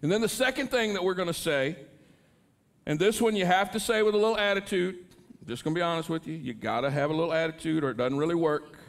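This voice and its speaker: A man's voice: a little high, fast. A middle-aged male pastor preaching a sermon in an earnest manner, rising into impassioned pleas.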